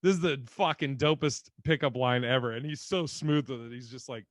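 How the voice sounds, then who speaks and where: A man's voice: mid-range voice, normal speed, dry recording. A man co-hosting a podcast in casual chat, rambling and laughing, swearing freely. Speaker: podcast co-host.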